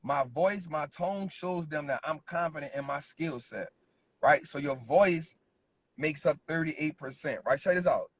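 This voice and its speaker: A man delivers a motivational business lesson in a slightly husky, somewhat high voice. He hammers each point through repetition and keeps asking the listener "right?" The effect is insistent and coaching. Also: unhurried. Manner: emphatic, repeats points with constant "right?" check-ins. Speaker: business speaker.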